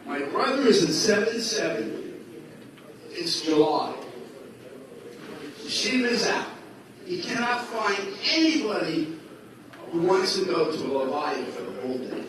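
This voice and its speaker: Telling a lengthy personal story at a religious gathering, a very animated man with a high voice speaks a little slowly and pauses often, switching voices to act out the quoted dialogue. The echoey school hall makes him sound distant, and the recording is noisy.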